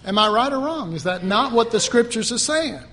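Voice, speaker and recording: A man preaching a fervent sermon, swinging between loud outbursts and quiet asides. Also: very high voice, expressive, normal speed, in a large hall, noisy background.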